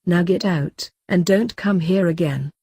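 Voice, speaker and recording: A harsh, dismissive thousand-year-old vampire man in a storybook, as a woman reads him in her own low voice. He talks coldly and flatly. The sound is close and dry. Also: measured pace, breathy edge, dry recording. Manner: cold and dismissive. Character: cold, harsh ancient male vampire.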